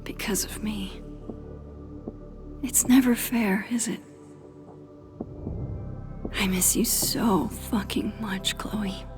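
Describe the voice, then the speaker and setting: A woman's voice: mid-range voice, fairly even intonation, natural voice. Max, a woman voicing a grieving young woman whispering. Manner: slow, hushed and heartbroken. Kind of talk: whispered video game dialogue. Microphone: game audio captured on a stream. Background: music.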